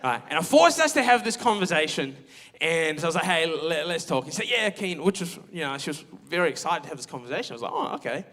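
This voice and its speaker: A man's voice: on the high side, sing-song, quick pace, fairly bright tone. A young man preaching a sermon, telling a candid, self-mocking personal story with lots of quoted asides. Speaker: pastor. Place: church auditorium.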